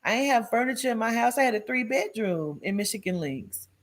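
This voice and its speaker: A woman telling her own life story in a blunt, profane way, with many "like" fillers, swinging between loud emphasis and hushed tones. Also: on the high side, lively intonation, brisk. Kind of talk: candid personal storytelling.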